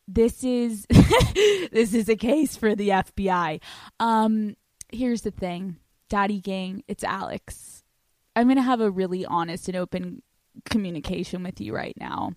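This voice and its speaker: A woman's voice: medium pitch, measured pace, no room sound. A woman in her twenties hosting a solo podcast, brash and profane, laughing often and slipping into put-on voices. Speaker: podcast host.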